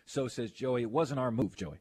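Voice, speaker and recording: A man's voice: medium pitch, breathy edge. A man hosting a sports radio show, chatting casually and reading listener texts aloud. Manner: animated, quick to protest, reads listener texts aloud.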